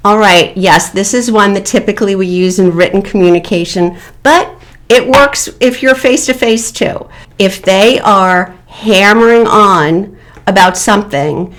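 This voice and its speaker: A woman giving calm, measured advice as a divorce coach in an online video, with deliberate pauses. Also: medium pitch.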